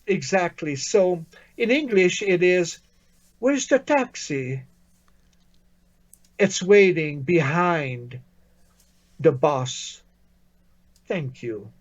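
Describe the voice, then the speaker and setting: Slow, patient male language teacher. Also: on the high side, muffled recording. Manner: patient, encouraging, praises often. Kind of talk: online language lesson.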